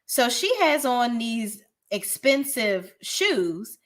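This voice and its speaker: A woman's voice: fairly high pitch, big pitch swings, very slow. A woman giving a casual, blunt and profane recap of a reality show, often restarting her sentences as she talks. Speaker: reality TV reviewer.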